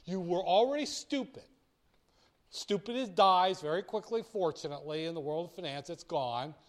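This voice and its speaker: A man's voice: sits high, normal speed. A man lecturing on finance in a blunt, theatrical way, acting out little dialogues. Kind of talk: recorded lecture.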